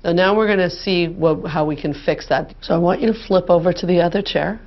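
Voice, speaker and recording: A woman therapist, calmly and steadily guiding a client through an exercise, on a dull lo-fi recording. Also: fairly low pitch, a little fast. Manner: calm, directive, steady.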